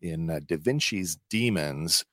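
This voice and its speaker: Male podcast host, casual recapper, low voice with a wide swing, filler-heavy. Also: animated, a little slow, a bit bright, no echo, clean studio sound. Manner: chatty, many filler words, laughs easily.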